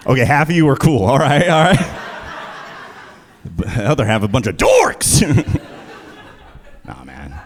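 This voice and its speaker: A man performing live stand-up comedy, animated and prone to sudden loud shouts. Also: mid-range voice, measured pace, pauses often.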